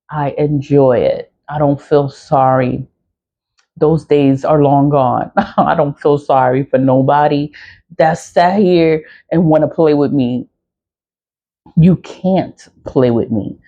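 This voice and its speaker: Casual spiritual vlogger with a warm, low-toned voice, chatty and repetitive, quick to laugh and curse; dull lo-fi sound. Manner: rambling and repetitive, laughs often, swears freely. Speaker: spiritual practitioner and seller. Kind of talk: casual spoken monologue.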